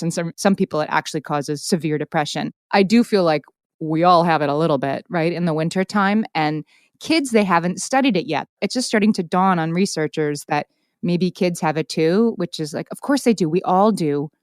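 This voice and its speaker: A woman co-hosting a podcast in casual chat, brisk and wry as she runs through questions, recorded on a close mic in a quiet studio. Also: lowish voice, no echo. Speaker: podcast co-host.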